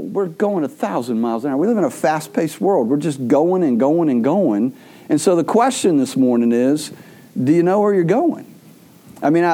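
A man's voice: on the high side, dark tone. A man preaching a sermon as a pastor, telling stories in a rambling way with frequent restarts.

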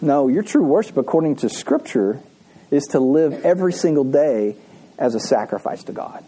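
Husky-voiced man preaching a sermon. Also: fairly high pitch, lively intonation, moderate pace, warm tone, rough recording. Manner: repeats key phrases, asks the congregation to read along. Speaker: pastor. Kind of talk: conversational sermon. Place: church service.

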